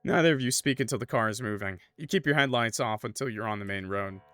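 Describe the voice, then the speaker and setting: A man's voice: on the low side, fast, a bit bright, clean tone, dry recording, soft background music. A man playing a horror game, reading its text aloud and chatting casually between passages. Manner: casual, laid-back, lots of "like" and "bro". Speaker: streamer. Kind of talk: let's play, reading game text with commentary.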